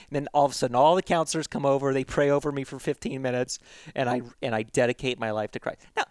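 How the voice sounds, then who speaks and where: A man's voice: medium pitch, fast talker, no echo, clean studio sound. A man speaking as a podcast guest, telling personal stories casually with self-deprecating humor and a frequent tag of "right?". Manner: repeats and restarts words while telling stories.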